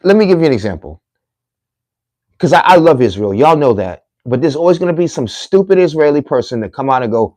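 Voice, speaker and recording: A man's voice: a little high, sing-song, fast, a little mellow, no room sound. A middle-aged man giving a heartfelt, emphatic monologue to his viewers, repeating phrases like a sermon. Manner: preachy, emphatic, repetitive phrasing.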